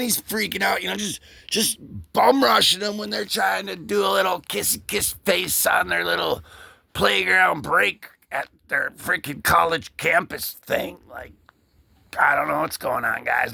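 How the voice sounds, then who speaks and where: A man hosting a casual comic book read-through, joking and rambling as he voices the characters in quick asides. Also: high-pitched, gravelly, sharp tone, slightly rough, no room sound. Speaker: comic book channel host.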